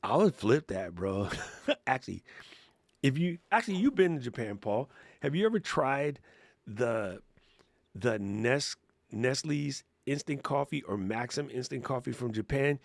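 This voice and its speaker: A man hosting a casual live Q&A, talking in a slangy, excitable way and laughing often. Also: mid-range voice, unhurried, creaky, dry recording. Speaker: livestream host.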